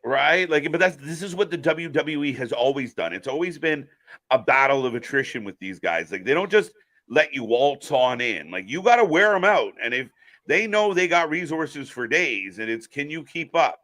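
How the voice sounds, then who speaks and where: A man's voice: on the high side, big pitch swings, moderate pace, sharp tone. A man hosting a live wrestling stream, chatting casually, joking and speaking straight to viewers. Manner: jokey, addresses viewers directly. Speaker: host.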